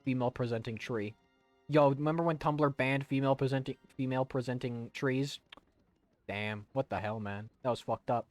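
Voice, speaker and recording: A man's voice: mid-range voice, steady tone, moderate pace, dry recording, soft background music. A young man chatting loosely while playing a video game on stream, joking and rambling. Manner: rambling and jokey, breaking into silly voices. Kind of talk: casual let's-play commentary.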